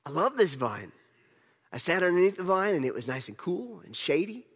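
A man's voice: sits high, big pitch swings, normal speed, breathy edge, big-room sound, full character voice. A man playing Jonah as an angry, sulking prophet, telling his grievances in the first person in a sermon monologue. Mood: exasperated. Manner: petulant, exasperated storytelling in first person.

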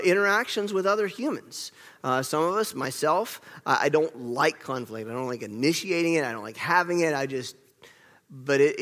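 Earnest pastor in a reverberant hall. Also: male voice, a little high, a bit bright. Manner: earnest, conversational, with frequent restarts. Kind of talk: sermon.

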